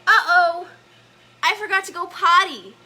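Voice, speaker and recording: A woman voicing a small shy boy in a soft, sweet, childlike voice. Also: very high-pitched, a little slow, voice pushed up, full character voice, low-quality recording. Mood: gentle.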